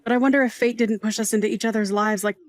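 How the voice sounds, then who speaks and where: A woman's voice: fairly high pitch, steady tone, quick pace, natural voice. A woman playing a middle-aged aunt who raised her nephew, a sentimental night worker who is fond, dramatic and teasing. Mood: tender. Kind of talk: scripted dialogue drama.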